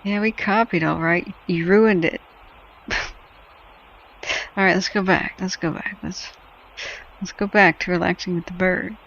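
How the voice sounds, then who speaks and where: A woman's voice: fairly low pitch, steady tone, unhurried, pauses often, a bit bright, highs cut off. A woman hosting a wildfire-tracking livestream, chatting playfully and joking about bird cams. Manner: playful, narrates bird cams with jokes and laughter. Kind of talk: casual livestream chat.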